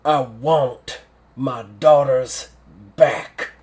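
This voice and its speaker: A man voicing a gruff, ruthless old male general who speaks in blunt, commanding orders. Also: medium pitch, unhurried, lightly acted. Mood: contemptuous.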